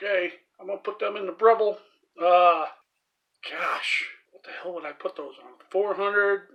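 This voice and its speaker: A man with a bright, forward voice tells a rambling, vulgar anecdote in a home cooking vlog. He swears freely and laughs his way through it. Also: high-pitched, moderate pace. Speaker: home cooking channel host. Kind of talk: crude storytelling while cooking.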